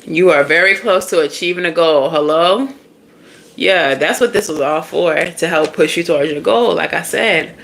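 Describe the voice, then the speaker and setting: A woman doing a casual tarot reading, animated and slangy, laughing often as she talks. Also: fairly low pitch, moderate pace, vocal fry, noisy background. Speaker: tarot reader.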